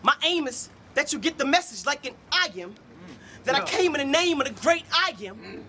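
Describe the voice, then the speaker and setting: A man's voice: extremely high pitch, big pitch swings, normal speed, sharp tone, slight background noise. A man performing Christian battle rap live before an audience, with a rhythmic, preachy, punchline-driven delivery. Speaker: battle rapper.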